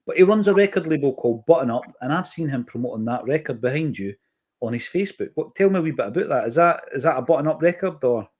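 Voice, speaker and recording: A man's voice: a little high, lively intonation, quick pace, darkish tone, slightly rough. A man hosting a podcast, chatty and enthusiastic as he links topics together. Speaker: podcast host. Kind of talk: casual podcast chat.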